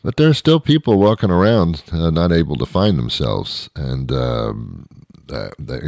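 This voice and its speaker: A middle-aged man delivering a rambling comic monologue, full of restarts and deadpan asides. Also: sits low, unhurried, vocal fry, dry recording, clean studio sound. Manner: meandering, self-interrupting, deadpan asides. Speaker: comedian host.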